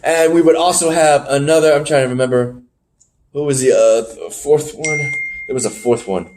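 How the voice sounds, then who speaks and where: Male podcast co-host with a high voice, loose rambling recap delivery. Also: moderate pace, background noise. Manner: rambling play-by-play recap with fillers and laughs. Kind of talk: casual wrestling recap chat.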